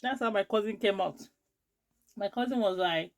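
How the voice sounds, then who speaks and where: A woman from Edo State with a Nigerian accent, telling a storytime vlog in a lively, expressive way. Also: mid-range voice, normal speed. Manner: lively, expressive, rising to anger as she tells it. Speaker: vlogger.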